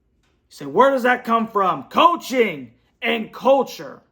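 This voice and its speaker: Fed-up man ranting, gravelly and high. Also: sing-song, slow pace, bright, forceful tone. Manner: frustrated, blunt, repetitive. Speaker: sports fan show host. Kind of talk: angry post-game rant. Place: home, at a computer. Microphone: computer setup.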